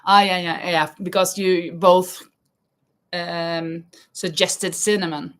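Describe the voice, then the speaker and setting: A woman's voice: lowish voice, fairly even intonation, slow, a bit bright. A woman hosting a casual live stream, chatting while she crochets, reading viewer comments aloud and laughing often. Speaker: livestream host. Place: home in Spain.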